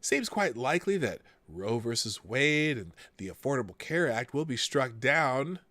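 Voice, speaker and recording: Male streamer host, animated delivery, sardonic commentary over read-aloud articles, dry sound. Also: mid-range voice, dry recording. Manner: wry, chuckles while reading, frequent asides. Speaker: live-stream show host.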